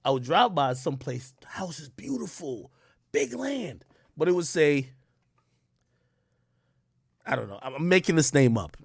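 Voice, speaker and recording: A man telling a casual story to his live stream, excitable and full of slang and swearing. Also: a little high, a little slow, vocal fry, pauses often, slightly rough, no room sound, clean studio sound. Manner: animated, profane, slangy, excitable. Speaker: streamer and commentator.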